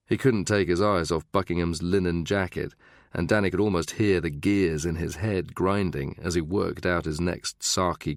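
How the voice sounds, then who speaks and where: A man narrating a thriller audiobook in a steady, measured reading. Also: low-pitched, dry recording, clean studio sound. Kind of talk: scripted narration.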